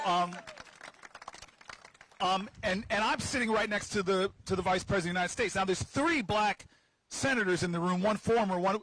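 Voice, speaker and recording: A senator speaking outdoors at a rally, telling a playful story to the crowd, with stammering restarts and repeated words. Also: male voice, sits high, poor audio. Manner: lively, playful storyteller who teases the crowd. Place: outdoors on building steps at a rally.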